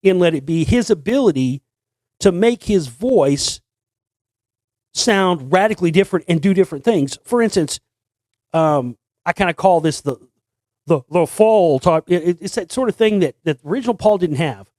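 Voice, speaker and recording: A man with a slightly high voice talks on and on in a loose monologue, stumbling over restarts and doubling back on his words. The sound is dry and close, with no room around it. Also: animated, normal speed, darkish tone, no echo. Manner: rambling, many restarts, sings snippets. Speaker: host. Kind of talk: casual monologue.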